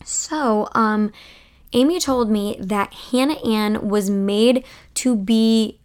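A woman's voice: on the high side, measured pace. A young woman hosting a casual podcast, chatting in a gushing, opinionated, sassy way, sleepy and yawning late at night. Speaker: podcast host.

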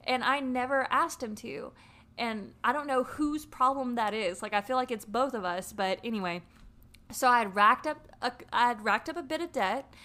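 Bright animated woman telling a story. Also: a little high, normal speed. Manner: animated storytelling with frequent swearing. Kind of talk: casual podcast chat.

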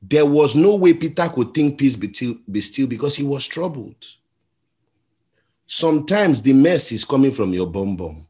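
A man's voice: mid-range voice, sing-song, normal speed. Nigerian man preaching a sermon. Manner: storytelling, acts out voices in a story, shifts between soft and loud. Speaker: pastor.

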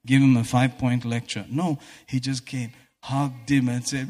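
A man's voice: medium pitch, level tone, moderate pace, few pauses, a little mellow. A man preaching a sermon in a church hall, fervent and breaking into exclamations of praise. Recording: echoey hall reverb.

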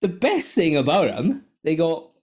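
A podcast host with a somewhat high voice talks a little slowly over faint background music. He chats casually and tells animated stories, swearing constantly and laughing often.

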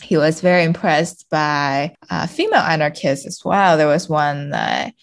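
A woman's voice: low-pitched, sing-song, normal speed, vocal fry. A woman from China, a guest on a podcast, talking casually with lots of fillers and restarts. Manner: chatty, many fillers and restarts, laughs often.

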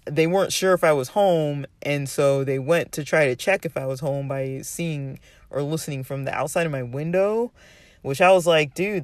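Man, raised pitch, exasperated rambling storyteller, dead dry recording. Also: no echo. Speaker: vlogger ranting about a roommate. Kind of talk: casual rambling monologue.

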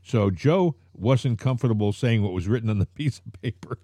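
A man's voice: fairly low pitch, lively intonation, moderate pace, warm tone, no room sound. A man co-hosting a casual political talk show, joking and mocking with frequent chuckles. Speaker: co-host.

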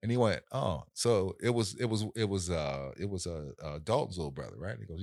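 A man in casual conversation, telling a story in an animated way and acting out the voices of people in it. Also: low voice, fairly quick, vocal fry, few pauses, no echo, studio quality.

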